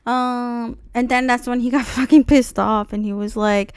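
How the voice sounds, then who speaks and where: A young woman streamer telling a dealership story in a casual, profane rant, acting out the people she quotes in loud high voices. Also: fairly even intonation, moderate pace, smooth, dry recording, clean studio sound.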